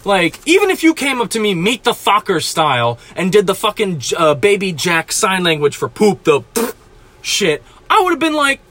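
High-voiced profane ranting man. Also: big pitch swings, normal speed, sharp tone. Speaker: podcast host. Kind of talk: solo ranting podcast. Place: small closet.

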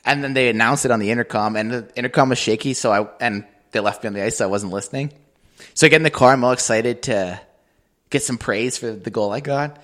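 A man's voice: mid-range voice, quick pace. A man co-hosting a casual podcast, telling stories with lots of swearing and acting out the people he quotes. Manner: animated, swears often, acts out quoted people. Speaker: podcast co-host. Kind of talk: casual chat, storytelling.

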